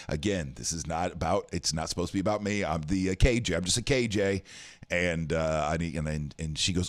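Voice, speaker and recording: A man's voice: low-pitched, brisk. A man hosting a casual morning stream show, rambling and self-deprecating, with lots of "uh" fillers. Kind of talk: casual monologue. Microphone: studio mic for a live stream.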